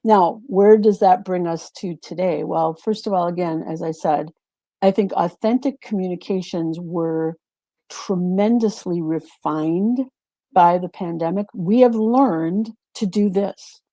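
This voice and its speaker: A woman's voice: fairly low pitch, measured pace, mellow, no echo. A woman who coaches presenters, speaking over a video call in a reflective way and repeating words for emphasis. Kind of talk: casual panel chat.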